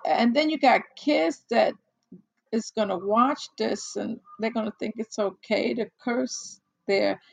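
Slow, gravelly older woman. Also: a little high, rough recording. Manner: blunt, exasperated storytelling with many restarts. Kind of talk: casual monologue.

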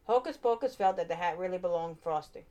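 A woman narrating a children's storybook aloud with expressive, animated delivery. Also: on the low side, quick pace.

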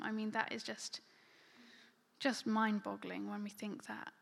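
A woman's voice: on the high side, flat delivery, brisk, gravelly, big-room sound. A woman preaching a sermon in a conversational, filler-heavy way, often dropping to a near-whisper. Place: church hall.

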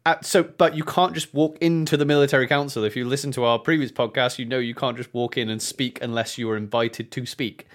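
A young man co-hosting a podcast, telling an animated story in casual chat. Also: medium pitch, brisk, few pauses. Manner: animated storytelling, acts out quoted voices. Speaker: podcast co-host.

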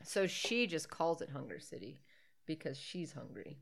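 A woman's voice: sits low, big pitch swings, moderate pace, creaky. A woman co-hosting a podcast, chatting casually and sarcastically about a movie, laughing often. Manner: giggly, sarcastic, riffing with frequent laughs. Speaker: podcast co-host. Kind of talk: casual movie commentary chat.

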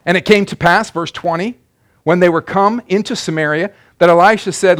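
Brief: male pastor, high voice, emphatic sermon with hushed asides. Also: moderate pace. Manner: emphatic preaching, swings between loud declarations and quiet asides.

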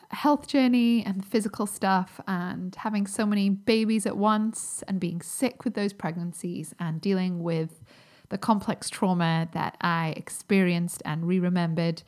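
A woman, hosting a solo podcast as a health coach, talking in a chatty, upbeat way with many fillers. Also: lowish voice. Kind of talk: casual solo podcast talk.

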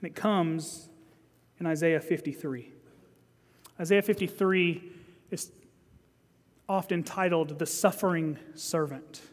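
A man preaching a sermon as pastor, swinging from loud emphasis to hushed scripture reading. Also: fairly high pitch, takes it slowly, pauses often, big-room sound.

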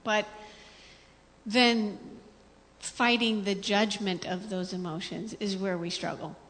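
A woman with a medium-pitched voice teaches in an earnest, conversational way. A long reverb trails her words, like a church hall. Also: fairly even intonation, slow pace, fairly bright tone. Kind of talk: sermon.

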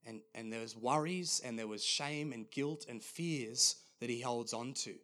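A man preaching a sermon as pastor, earnest and conversational with many halting restarts. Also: mid-range voice, sharp tone.

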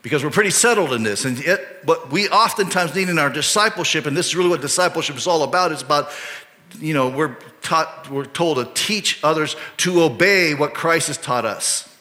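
Male pastor, conversational sermon, forceful bright tone, rhetorical questions, long church reverb. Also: a little high, fairly quick. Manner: casual, asks rhetorical questions.

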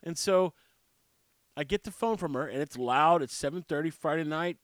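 Restaurant owner, male, stuffy-nosed, higher voice, dry close sound, storyteller. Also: normal speed, a bit bright, dry recording. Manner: storytelling, acting out both sides of a conversation. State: stuffy sinuses. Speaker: barbecue restaurant and brewery owner. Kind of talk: casual monologue.

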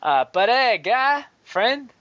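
A man's voice: extremely high pitch, sing-song, slow pace, a bit bright, dry recording. A man from Canada co-hosting a podcast, joking and swearing a lot, laughing often in casual chat. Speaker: podcast co-host. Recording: dull, dry close mic.

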